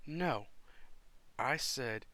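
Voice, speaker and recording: A firm young mercenary woman holds to her price in a tabletop game, as a man puts her on. The voice is pushed a little higher than his own, with a bright edge. She sounds insistent. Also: animated, very slow, heavily acted.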